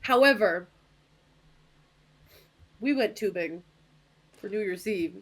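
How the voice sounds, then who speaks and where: A woman co-hosts a casual podcast from home, wearing headphones as she tells self-mocking, joking stories. Her voice is medium in pitch with lively intonation, and she takes her time.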